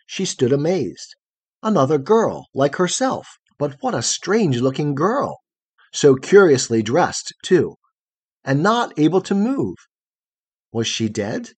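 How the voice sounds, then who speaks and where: A man reading a fairy tale aloud in an expressive, melodic storytelling manner. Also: on the high side, husky, no echo. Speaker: audiobook reader.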